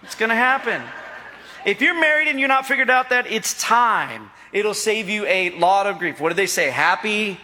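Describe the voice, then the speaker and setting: Speaking at normal speed with a high voice and sharp tone, a middle-aged pastor preaches a sermon. He teases the congregation and draws out their answers, all in an echoing hall.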